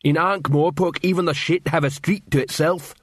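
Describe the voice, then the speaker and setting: A man voicing a slow, dim-witted male troll who talks in broken, simple words, read as an audiobook character. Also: a little high, no room sound, voice pushed up. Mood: slow, blunt.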